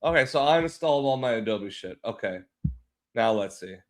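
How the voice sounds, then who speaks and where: Over slight background noise, a video editor on a live stream chats at normal speed in a mid-range voice with lively intonation. He works while muttering to himself and swearing offhandedly, sounding a bit stuffy and pollen-sick.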